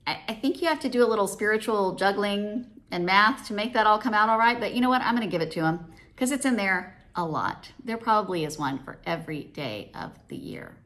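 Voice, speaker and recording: A woman's voice: medium pitch, lively intonation, fairly quick, fairly bright tone. A woman giving a casual devotional talk as a Christian speaker and teacher, conversational, acting out dialogue in quoted voices.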